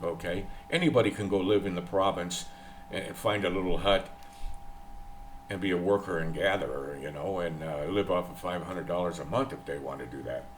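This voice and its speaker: A man's voice: low voice, normal speed, a little hiss or hum. A man from the United States, older, talking in a rambling, opinionated vlog monologue and repeating himself. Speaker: vlogger. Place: in the Philippines.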